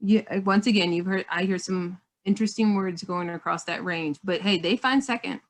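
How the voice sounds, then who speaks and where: A woman coaching motorcycle riders, chatting on a video call in a friendly, animated way and often repeating herself. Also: lowish voice, normal speed. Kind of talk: casual video call chat.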